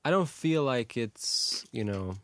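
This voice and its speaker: A man's voice: mid-range voice, expressive, slow, no echo. A man chatting casually in a movie review podcast, rambling with many fillers.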